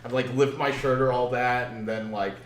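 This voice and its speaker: A man's voice: mid-range voice, fairly even intonation, normal speed. A young man chatting casually as a podcast co-host, rambling through stories with lots of swearing and laughter. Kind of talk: casual chat. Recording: echoey room, far from mic, faint noise.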